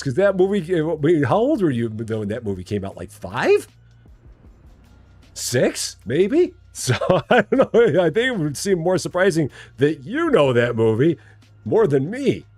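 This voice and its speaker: A man in his forties streaming a game live, chatting with viewers in a lively, joking way at a desk mic. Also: on the high side, normal speed, husky, soft background music. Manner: lively, talking to chat, jokingly challenging; hums and scats while working. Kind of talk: live gameplay chat.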